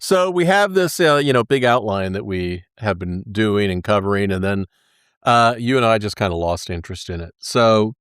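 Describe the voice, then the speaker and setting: A man hosts a podcast in a relaxed, joking way, laughing often as he tells old jokes. His voice swings up and down lively in pitch. The sound is dry and close. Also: moderate pace, clear, resonant tone, no echo. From North Carolina. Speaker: podcast host. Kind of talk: casual chat.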